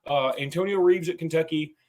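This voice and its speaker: A man hosting a podcast, chatting casually about college sports and telling lively stories. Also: on the high side, fairly quick. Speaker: podcast host.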